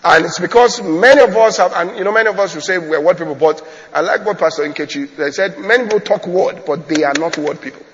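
A male pastor with a fairly high voice preaches a storytelling sermon. He repeats his phrases and keeps checking on his listeners. The sound is dull and hangs in a long hall reverb. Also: fast talker, hardly any pauses, a bit bright.

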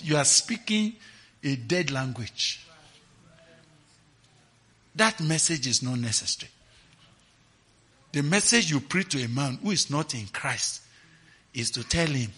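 This preacher's voice is on the high side, husky and expressive. His sermon veers from slow, quiet delivery to abrupt shouting, and he keeps checking if the audience understands.

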